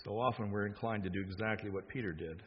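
A man's voice: fairly low pitch, quick pace, breathy edge. A man preaching a sermon, emphatic, acting out quoted lines with rising force. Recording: dull sound with long hall reverb.

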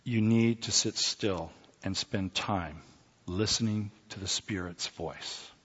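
A middle-aged man preaching a sermon, swinging between loud exclamations and hushed near-whispers, with joking asides. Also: lowish voice, slow, slightly rough, in a large hall, dull audio.

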